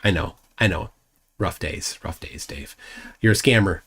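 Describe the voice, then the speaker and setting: Male live-stream host, somewhat low voice, loose rambling delivery full of ums and restarts. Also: a little slow, noisy background. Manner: mocking asides to a rival. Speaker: livestream host. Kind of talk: casual live-stream chat.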